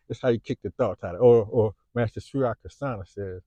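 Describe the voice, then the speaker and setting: A man's voice: medium pitch, fairly quick, few pauses, dark tone, no echo. A man in his fifties with a Chicago accent, talking to camera in a rambling, unscripted monologue. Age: 50s. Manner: rambling, frequent fillers and restarts. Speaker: vlogger.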